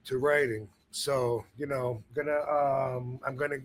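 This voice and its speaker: A man's voice: medium pitch, steady tone, measured pace. A man hosting a podcast in casual chat, rambling with many fillers and restarts. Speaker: podcast host.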